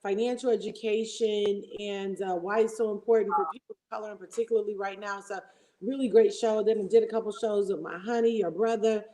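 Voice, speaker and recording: A woman joins a livestream as a guest and talks at length with enthusiasm and a preacherly lilt. Her voice is dark and mellow, pitched in the middle range. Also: steady tone, fairly quick, low-quality recording. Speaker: guest co-host. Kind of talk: casual livestream chat.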